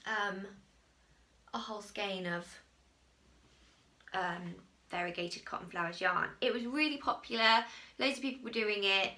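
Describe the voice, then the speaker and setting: A woman's voice: medium pitch, a little slow, long pauses, bright, forceful tone. A woman from England hosting a crochet podcast, chatting casually to camera from home in a rambling, self-mocking way.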